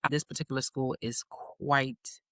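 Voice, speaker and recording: With an extremely low, steady voice that is bright and forceful, a woman speaks unhurriedly while telling family stories and acting out her kids' voices. In her thirties and born in the United States, she's a guest in a conversational interview, recorded in clean studio sound without echo.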